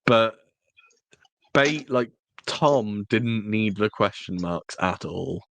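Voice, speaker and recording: A man co-hosting a casual review podcast, chatty and jokey, with a fairly low voice. He talks slowly, and the sound is dry and close to the mic. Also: expressive, vocal fry, a bit bright, no echo. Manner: chatty, jokey, with frequent restarts. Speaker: podcast co-host. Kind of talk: casual chat.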